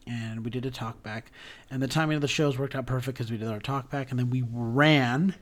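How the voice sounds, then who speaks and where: A man's voice: medium pitch, brisk. Chatty young man telling stories. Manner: animated, chatty storyteller with many ums. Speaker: podcast host. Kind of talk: casual storytelling chat.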